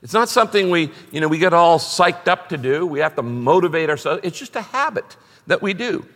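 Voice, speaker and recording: A middle-aged man preaching a sermon as pastor, animated and emphatic, repeating key words for stress. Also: fairly high pitch, a little fast, in a large hall.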